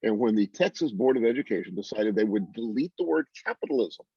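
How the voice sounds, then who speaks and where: A man's voice: fairly low pitch, animated, fast talker, creaky, mellow, husky, no echo. A man moderating a class discussion on a video call, asking questions in a folksy, wry way. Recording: dry, dull video call audio.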